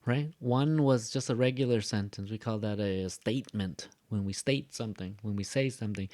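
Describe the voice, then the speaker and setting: A man's voice: lowish voice, normal speed, hardly any pauses, darkish tone, no echo. A man teaching English pronunciation in a casual, joking way, saying example sentences aloud to demonstrate them. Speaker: ESL teacher. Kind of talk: casual classroom explanation.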